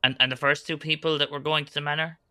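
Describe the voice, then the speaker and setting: A man voicing a wary young man who asks quick, stammering questions about his brother. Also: on the high side, flat delivery, sharp tone, no echo. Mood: curious.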